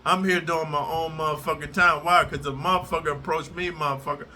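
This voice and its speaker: A middle-aged man delivers a confrontational, profanity-laced rant straight to his viewers. His voice is strikingly tense and cutting, pitched a little high. A faint ambient hum sits under the voice. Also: fairly even intonation, a little fast, pushed and bright. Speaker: prison storyteller channel host. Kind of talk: profane direct-to-camera rant.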